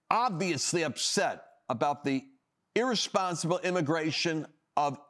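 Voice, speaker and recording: A man's voice: fairly high pitch, fairly bright tone. A man hosting a political talk show, delivering opinionated commentary with emphatic, sarcastic emphasis and frequent restarts.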